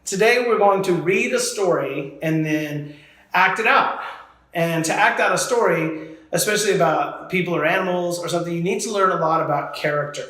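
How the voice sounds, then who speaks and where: Man, drama teacher, encouraging, models drills for kids, slightly high voice, very echoey room. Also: normal speed, bright, forceful tone. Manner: encouraging, models each drill for students to repeat. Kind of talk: leading voice and diction warm-ups for children.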